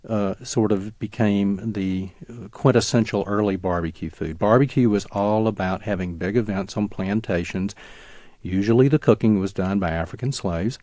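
Interview guest: man, low voice, dry studio sound, storytelling with restarts. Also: a little mellow, no room sound. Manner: fluent storyteller with frequent restarts and fillers. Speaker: author and guest. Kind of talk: radio interview, explaining history.

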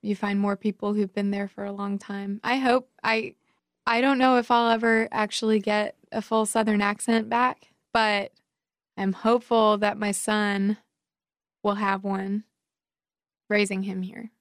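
A woman's voice: mid-range voice, flat delivery, measured pace, no echo, clean studio sound. A woman writer from Georgia, a guest on a podcast, talking cheerfully and laughing often. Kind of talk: conversational interview.

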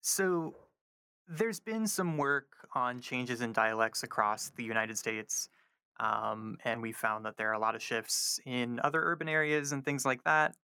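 Male professor guest, bright clear voice, dry close mic, measured explaining with ums. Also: medium pitch, no echo. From North Carolina. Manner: frequent ums, careful explaining. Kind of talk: explanatory interview answers.

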